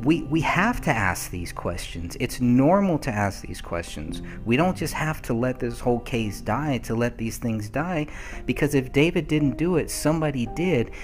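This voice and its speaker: A man co-hosting a true-crime podcast, talking earnestly and emphatically, often repeating words as he starts a thought. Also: mid-range voice. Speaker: podcast co-host. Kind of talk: earnest discussion.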